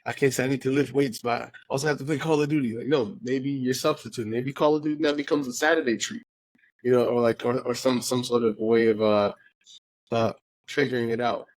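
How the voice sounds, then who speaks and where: A man co-hosting a casual podcast conversation, emphatic and quick to laugh, often repeating words as he builds a point. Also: medium pitch, fairly even intonation, no echo. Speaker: podcast co-host.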